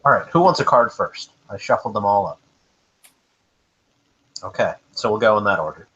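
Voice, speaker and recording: Male tarot reader on a group video call, lowish husky tone, calm and explanatory. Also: moderate pace, dull audio.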